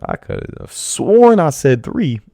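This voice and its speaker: A man's voice: fairly high pitch, wildly swooping pitch, slow, creaky, mellow, dry recording, studio quality, voice pushed up, exaggerated voice. A man voicing a stern male teacher who lectures his class in a cold, condescending, threatening way.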